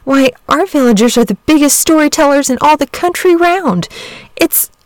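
A woman's voice: high voice, expressive, moderate pace, no room sound, voice pushed up. A woman voicing an earnest young village boy who pleads eagerly for his dragon friend in a storybook reading. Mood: impatient. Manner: eager, pleading, talks in a rush.

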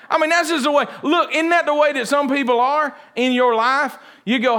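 High-voiced folksy preacher. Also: male voice, normal speed. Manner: folksy, animated storyteller. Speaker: pastor. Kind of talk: sermon.

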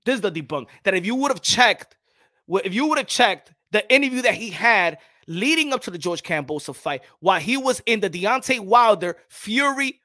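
A man hosting a boxing show, talking loud and profane, mocking critics and repeating himself. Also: sits high, expressive, moderate pace, dry recording, studio quality. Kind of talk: animated boxing commentary.

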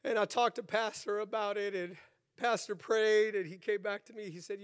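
A man's voice: sits high, steady tone, normal speed, smooth. A man preaching a sermon in a church, fervent and earnest, often repeating his phrases. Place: church sanctuary.

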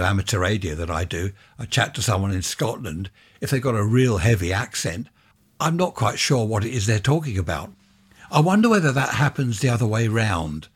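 An older man from England hosts his show alone, talking in a loose, wandering way and chuckling as he goes. His voice sits low with a husky, slightly rough edge. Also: sing-song, fairly quick. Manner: chatty, wandering, with chuckling asides. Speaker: podcast host. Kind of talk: rambling casual monologue.

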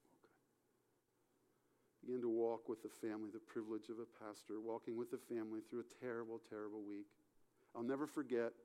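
Middle-aged male pastor, sermon storytelling, dynamic swings in volume. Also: medium pitch. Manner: storytelling with acted-out dialogue, swings from loud to hushed.

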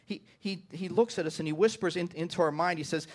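A man's voice: high voice, fast. A man preaching a sermon to his congregation. He often repeats the first words of a phrase and keeps asking "right?". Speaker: pastor.

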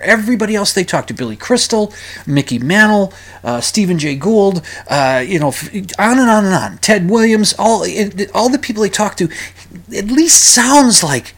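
Male podcast host, solo rant: meandering, exasperated, lots of false starts and sighs. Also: sits high. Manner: rambling, ranting, frequent restarts and sighs.

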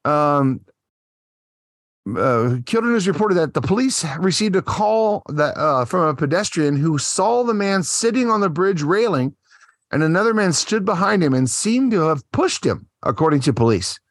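A tipsy man co-hosts a podcast, swearing freely and rambling as he reads out news stories. His pitch sits a bit high and swings about with lively energy. The sound is close and dry, with no room around it. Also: normal speed, no echo. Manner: profane, rambling and animated. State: tipsy from drinking. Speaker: podcast co-host. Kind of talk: casual podcast banter, reading news stories.

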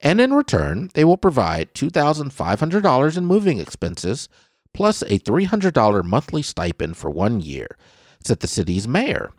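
A man from Southeast Texas co-hosting a casual talk show, animated and exasperated, with sudden high squeals. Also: moderate pace, dry recording, studio quality. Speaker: co-host. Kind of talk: casual podcast banter.

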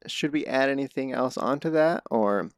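A man's voice: mid-range voice, normal speed, smooth, no room sound, studio quality. A man hosting a casual interview, asking questions hesitantly and often restarting them. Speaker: podcast host.

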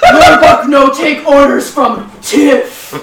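A woman voicing a dim-witted hulking male brute who talks in broken speech, loud and blustering, in an echoey room. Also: high-pitched, takes it slowly, vocal fry, far from the mic, very noisy, pitched above the performer's own voice, full character voice.

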